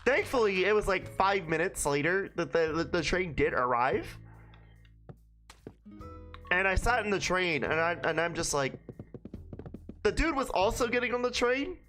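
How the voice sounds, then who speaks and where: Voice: medium pitch, expressive, moderate pace, pauses often, fairly bright tone, soft background music. A young adult streamer from Brooklyn, New York, telling rambling, profane stories to chat in a casual way. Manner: profane, rambling anecdotes with frequent restarts.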